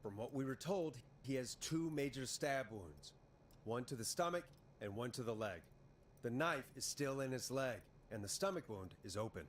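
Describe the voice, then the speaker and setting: An actor voicing a late-night radio DJ who stays calm and reassuring while handling callers. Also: male voice, medium pitch, normal speed, a little hiss or hum, close to an everyday voice.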